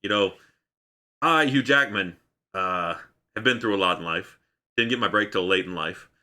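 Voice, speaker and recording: A man's voice: fairly low pitch, moderate pace, sharp tone. A man doing a comic impression of a brawny male movie star with a vaguely Scottish accent, boastful and mock-earnest.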